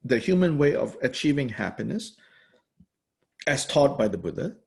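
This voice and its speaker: Lecturing on a religious text, this Buddhist teacher speaks haltingly and thoughtfully, his voice gravelly with big pitch swings. He fills gaps with soft fillers and lets out light laughs from time to time during his explanations.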